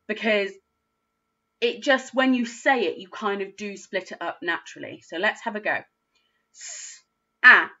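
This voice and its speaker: This woman works as a primary school teacher and is leading a phonics lesson for young kids, breaking each word into its individual letter sounds. Her medium-pitched delivery is unhurried and patient yet animated, swinging up and down with brightness. The clip itself has a muffled, low-fidelity sound.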